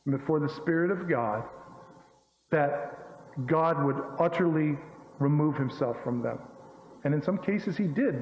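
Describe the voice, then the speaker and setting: A man's voice: a little high, slight background noise. A man preaching a sermon in an emphatic, folksy way, full of rhetorical questions. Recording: echoey hall, dull lo-fi sound.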